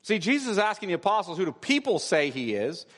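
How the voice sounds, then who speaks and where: A pastor preaches a sermon in a church sanctuary, explaining scripture with emphatic repetition. His voice is high, sing-song, fast and fairly bright, recorded with long hall reverb.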